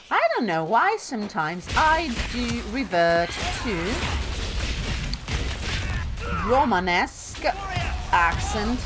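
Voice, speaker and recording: Slow, lively Italian woman gaming. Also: mid-range voice, background noise. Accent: Italian, slight Bolognese lilt. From Bologna, Italy. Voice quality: drama-school trained diction. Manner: rambling, chatty, self-deprecating asides. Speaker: let's play host. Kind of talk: casual gameplay commentary.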